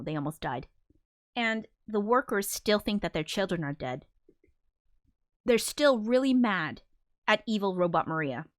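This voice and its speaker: A woman's voice: fairly low pitch, a bit bright, no room sound, clean studio sound. A woman hosting a casual livestream, chatting in a rambling, giggly way with many fillers. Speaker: livestream host, musician.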